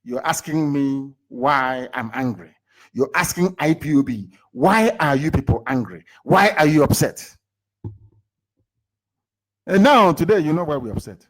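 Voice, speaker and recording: A Nigerian-accented man addresses his followers in a fiery live speech, his voice sitting at an ordinary middle pitch. He drives his points home with rhetorical questions. He jumps from loud declarations to low, muttered remarks. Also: lively intonation, moderate pace. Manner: emphatic, fires rhetorical questions at listeners; shifts abruptly between loud bursts and low asides. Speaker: movement leader. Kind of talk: impassioned live political address.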